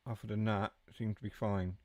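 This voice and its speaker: A man with a fairly low, darkish voice gives brisk live commentary on a train simulator stream, with little pitch movement. He chats casually and fields viewer messages while driving, and the recording is dry.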